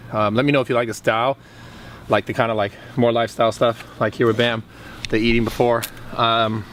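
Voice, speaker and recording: Joking young guy with noisy home audio. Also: medium pitch. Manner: loose, joking, swears a lot. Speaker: fitness vlogger. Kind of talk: casual vlog chat. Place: at home with a dog.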